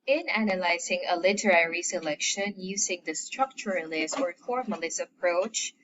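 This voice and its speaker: A woman teaching a recorded lesson. She speaks deliberately and stresses each term in a list. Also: mid-range voice, noisy background. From Philippines. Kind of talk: recorded classroom lecture. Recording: slightly muffled lo-fi audio.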